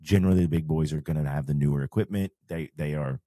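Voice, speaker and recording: A man talks through off-road advice on a podcast, his low, mellow voice walking through each point step by step. The sound is close and dry, with no room around it. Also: fast, no room sound. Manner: explains step by step, conversational. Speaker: podcast host and off-road shop owner. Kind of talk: casual advice chat.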